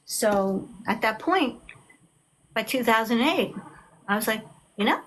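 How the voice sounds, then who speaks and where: A middle-aged woman, talking as an author guest in a casual video chat. She tells her stories with lively acted-out quotes. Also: on the high side, unhurried. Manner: animated storyteller, acts out quotes.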